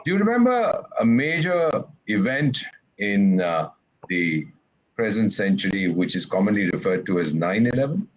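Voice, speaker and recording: Husky older man. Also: lowish voice, sing-song, moderate pace, muffled recording. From India. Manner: emphatic and sardonic, acts out quoted voices. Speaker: retired ambassador, interview guest. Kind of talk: candid, opinionated interview answers.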